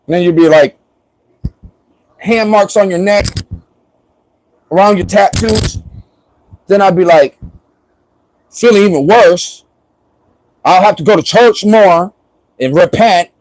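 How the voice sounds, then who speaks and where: A man's voice: high voice, normal speed, long pauses, no room sound, rough recording. A man from Florida chatting casually on a livestream, joking and rambling and laughing often.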